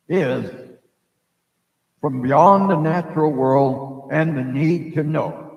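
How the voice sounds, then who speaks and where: A man's voice: medium pitch, creaky, a little mellow, lo-fi sound. A middle-aged man, a psychic hosting a live stream, telling a meandering story full of fillers and lost threads. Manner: meandering, loses his thread, many fillers. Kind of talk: rambling spoken storytelling. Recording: echoey room with long reverb.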